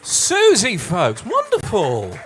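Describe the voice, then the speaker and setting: Lively chatty man hosting live cabaret. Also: high voice, slow pace, a faint crowd. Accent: Scottish. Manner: chatty, self-mocking, animated. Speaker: host. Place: live music club venue.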